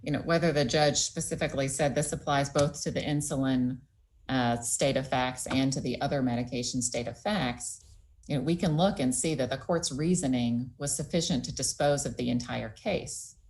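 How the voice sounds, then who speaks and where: Low-voiced woman judge. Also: normal speed, darkish tone. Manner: probing, pointed questions. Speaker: appellate judge. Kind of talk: questioning counsel in oral argument.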